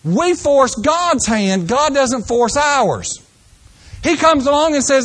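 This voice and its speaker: An older man with a high-pitched, slightly bright voice gives a folksy sermon at a slow, animated pace. He puts on mock voices to act out people's excuses, then returns to plain, earnest preaching.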